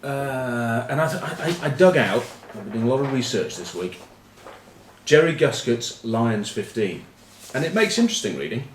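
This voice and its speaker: A man hosting a rugby news show in a loose, rambling way, deadpan and irreverent. His mid-pitched voice sounds roomy, heard from some distance off the mic. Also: normal speed, slight background noise. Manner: rambling, deadpan and irreverent, many fillers and asides. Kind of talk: informal comedic news vlog.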